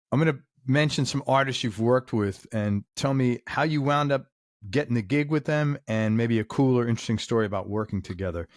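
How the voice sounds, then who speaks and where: A male host talks easily and reacts to his guest's stories with quick, friendly remarks. His pitch is mid-range, and the recording sounds close and dry. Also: no echo. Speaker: interview host. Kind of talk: casual interview chat.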